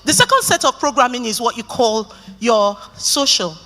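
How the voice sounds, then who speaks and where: Speaking at a conference, a middle-aged Nigerian woman delivers her keynote with lively storytelling and banter with the crowd. Her voice is a little high and moderately paced, echoing in the hall.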